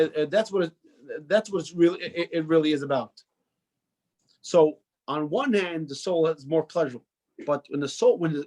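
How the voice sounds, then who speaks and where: A man's voice: fairly high pitch, darkish tone. A man teaching a religious class in a loose, conversational way, often restarting sentences and putting questions to the students. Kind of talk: informal classroom lecture.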